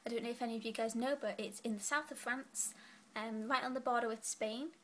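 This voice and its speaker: A woman's voice: fairly high pitch, steady tone, brisk, slight background noise. Giggly teen girl, a bit breathless. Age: late teens. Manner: chatty, giggly, rambling. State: a little out of breath. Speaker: student vlogger. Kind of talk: casual vlog chat. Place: bedroom, lying in bed.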